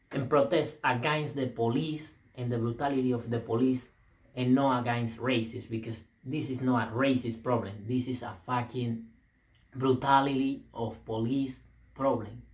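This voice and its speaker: A young man with a Spanish accent, English not his first language, delivering a profane, emphatic rant to camera with halting restarts. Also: mid-range voice, steady tone, a little mellow. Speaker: vlogger. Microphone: camera mic.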